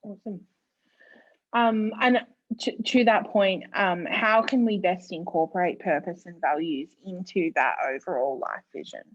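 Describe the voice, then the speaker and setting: A woman's voice: lowish voice, a little slow. A woman hosting an online session, giving brief affirmations and reading out audience questions. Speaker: host. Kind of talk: webinar moderation. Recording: muffled lo-fi audio.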